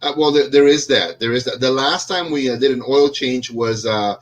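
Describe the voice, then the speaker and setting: A man's voice: mid-range voice, fairly even intonation, normal speed. Rambling, jokey man on a video call. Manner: jokey, self-deprecating, rambling with many fillers. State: under the weather. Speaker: podcast host. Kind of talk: casual video chat.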